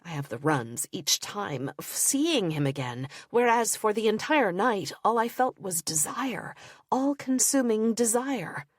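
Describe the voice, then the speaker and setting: A woman narrating an audiobook of first-person diary entries in an intimate, measured way. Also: medium pitch, lively intonation, no echo, studio quality.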